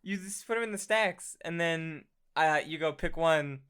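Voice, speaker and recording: A man's voice: on the high side, moderate pace, a bit bright, smooth. A man hosting a podcast in casual, joking chat. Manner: chatty, joking. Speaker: podcast host.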